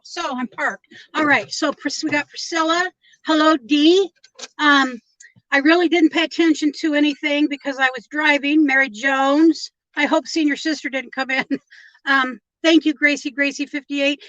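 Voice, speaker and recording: A woman's voice: high voice, a bit bright, no room sound, muffled recording. A woman rambling in casual live-stream chat from inside her car, greeting viewers by name.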